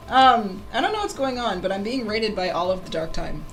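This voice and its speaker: A woman drawing fan art on a casual livestream, chatting with viewers in an excitable, giggly way. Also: high voice, normal speed, few pauses, rough recording.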